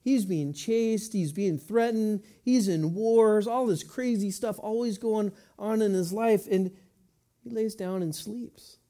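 A middle-aged man preaching a sermon, moving between quiet reflective stretches and rising, emphatic passages. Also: high-pitched, slow. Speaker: pastor.

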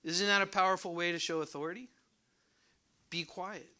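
A man's voice: sits high, steady tone, rapid-fire, pushed and bright, clear, resonant tone. A man preaching a sermon, asking the congregation questions and repeating words for emphasis. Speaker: pastor.

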